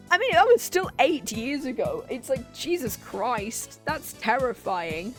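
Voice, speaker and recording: A young woman streamer rambles casually as she plays through a game, giggling and drifting off topic. Her voice sits a little high, and faint music plays in the background. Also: big pitch swings, a little slow, hardly any pauses. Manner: rambling, giggly, easily sidetracked. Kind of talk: casual let's-play chat.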